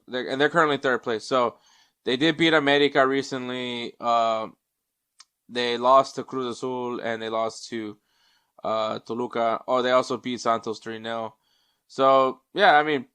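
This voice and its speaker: A man's voice: mid-range voice, sharp tone, clear, resonant tone, dry recording. A man hosting a casual sports podcast, rambling with many ums and restarts, sometimes turning away from the mic to check stats. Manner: checks stats mid-show, drifts off mic. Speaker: podcast host.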